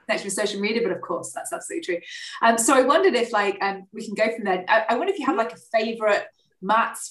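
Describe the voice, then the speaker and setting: A woman's voice: medium pitch, racing, a bit bright. A woman hosting a podcast, asking questions hesitantly with many ums and restarts. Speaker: podcast host. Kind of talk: casual interview chat. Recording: roomy sound from a distance.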